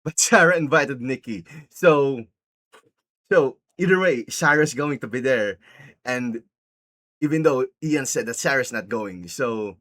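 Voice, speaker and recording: A man recapping a film in a casual vlog style, rambling, excitable and profane. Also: medium pitch, a little slow. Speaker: movie reviewer.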